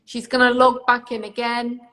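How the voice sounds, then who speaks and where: A woman's voice: on the high side, monotone, moderate pace, fairly bright tone. A British woman from near London hosting a live online interview, reassuring and chatty, thanking viewers by name. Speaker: host.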